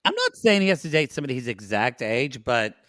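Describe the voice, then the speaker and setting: A man co-hosting a podcast, recapping a reality show in casual chat, agreeable and quick with interjections. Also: medium pitch, very animated, fairly bright tone, no room sound, studio quality. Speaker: podcast co-host.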